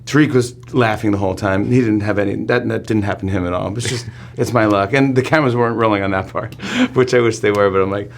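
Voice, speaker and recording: A man in his forties, a talk show host appearing as a guest in a studio interview, who tells an excitable story, laughs often and acts out the quotes. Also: fairly low pitch, fast, a little hiss or hum.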